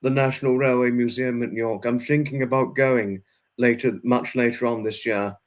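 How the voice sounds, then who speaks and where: A man's voice: medium pitch, steady tone, moderate pace. A man hosting a casual livestream, answering viewers' chat one by one and repeating himself a lot, with many fillers and restarts. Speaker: livestream host reading chat.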